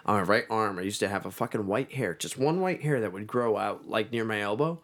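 A man's voice: fairly low pitch, a little fast, a bit bright. A man co-hosting a podcast in casual chat, swearing freely and restarting often. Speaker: podcast co-host.

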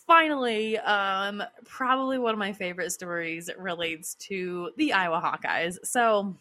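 Bright-voiced chatty woman storyteller. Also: mid-range voice, a little slow. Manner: chatty, filler-heavy, laughs often. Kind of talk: casual storytelling monologue.

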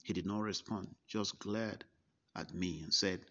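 A man slowly recounting a personal story, first person. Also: deep voice, fairly even intonation, pushed and bright. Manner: slow, deliberate recollection with quoted dialogue. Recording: dull lo-fi recording.

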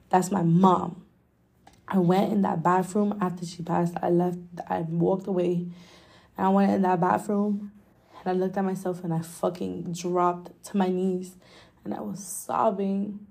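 A woman's voice: on the low side, vocal fry, dark tone, breathy edge. A young woman hosting a podcast, telling a personal story in a candid, emotional way, swearing often and filling her talk with "like". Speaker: podcast host.

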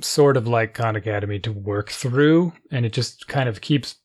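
A man in casual conversation, telling a story with lively, exasperated asides and quoted dialogue. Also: medium pitch, moderate pace. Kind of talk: casual chat.

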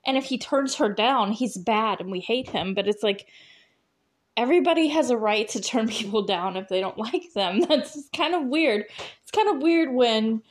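A woman's voice: on the high side, animated, normal speed. A woman hosting a podcast, chatting casually on her own, laughing often and filling her talk with "like" and "you know". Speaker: podcast host. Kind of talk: casual solo chat.

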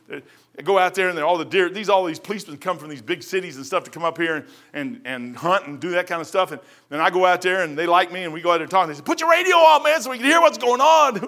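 A man, preaching in a folksy, storytelling way and acting out the voices of people in his anecdotes. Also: sits high. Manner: animated, acts out voices in anecdotes.

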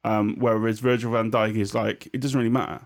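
A young man co-hosting a podcast, thinking out loud about football, restarting his sentences and swearing casually. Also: on the low side, level tone, fairly quick. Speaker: podcast co-host.

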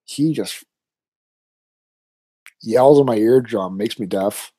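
A man in his thirties tells a story in casual chat, acting out the voices of the people in it. His voice is mellow and somewhat husky. The sound is dry and close. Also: lowish voice, slow, dry recording. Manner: animated storyteller, acting out his kids' lines.

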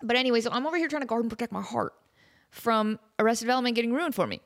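A woman in her thirties hosting a comedy podcast, talking in a chatty, animated way and slipping into silly voices. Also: fairly high pitch, rapid-fire. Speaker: podcast host. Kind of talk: casual comedic monologue.

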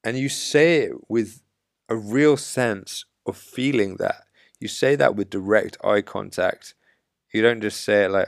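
On a dating coach's podcast, the host gives blunt dating advice in a monologue, his low, gravelly voice unhurried. He talks assertively and with emphasis, much like a coach would. The recording is dry and close, with no echo from the room.

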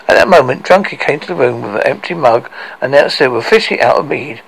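Gravelly man telling a story. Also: mid-range voice, animated, poor audio. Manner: halting, self-correcting. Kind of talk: improvised storytelling.

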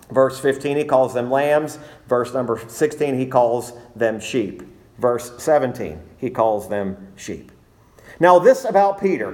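Guy preaching a sunday sermon, kinda higher voice, slow and emphatic. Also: a little mellow. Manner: measured preaching with emphatic repetition. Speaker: pastor.

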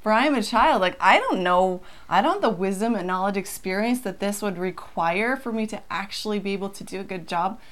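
A woman co-hosting a casual scripture lesson, reading verses aloud and talking them through in a relaxed, conversational way. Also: medium pitch, a little fast, few pauses. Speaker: co-host of a scripture study.

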